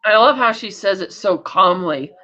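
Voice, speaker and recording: A man's voice: high-pitched, lively intonation, normal speed, sharp tone, lo-fi sound. A man co-hosting a podcast, recapping a TV episode in a rambling, casual way with many restarts. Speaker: podcast co-host.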